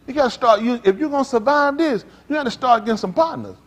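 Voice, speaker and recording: A man preaching a sermon as pastor, telling stories with loud outbursts. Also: very high-pitched, quick pace. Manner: animated preaching with storytelling, loud outbursts and laughs.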